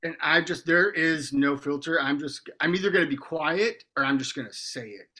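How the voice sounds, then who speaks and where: A man who is a podcast guest, speaking in outspoken, profane, animated casual chat. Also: a little high, normal speed.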